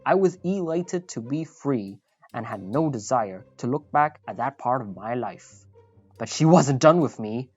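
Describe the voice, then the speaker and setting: A woman with a low voice reads an online story aloud, adding wry asides and small apologies as she goes. The recording is slightly dull and muffled, with faint music playing behind her. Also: animated, a little slow, a little mellow, breathy edge. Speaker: story narrator. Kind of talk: reading a reddit story aloud.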